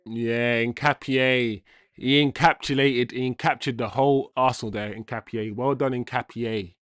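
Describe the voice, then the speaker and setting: A man's voice: mid-range voice, steady tone, unhurried, a bit bright. A man hosting a football watchalong, reacting live with indignant, casual slang.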